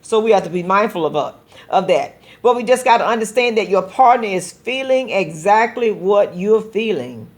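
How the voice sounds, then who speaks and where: Her mid-range voice has lively intonation and a normal pace. As pastor and host of a call-in show, she talks to listeners with earnest, exhortative preaching, often circling back to repeat words while building a point.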